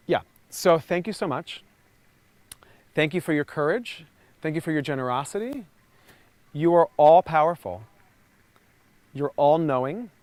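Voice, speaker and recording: Energetic man leading a vocal warm-up. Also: a little high, dry recording. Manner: energetic, encouraging, calls out sounds loudly. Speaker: voice and communication coach. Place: outdoors near trees and a lake.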